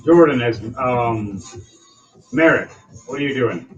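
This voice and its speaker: A man runs a tabletop game as game master, with a voice of middling pitch. He describes each scene step by step and calls on the players in turn, while music plays clearly behind him. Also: lively intonation, slow pace, muffled recording.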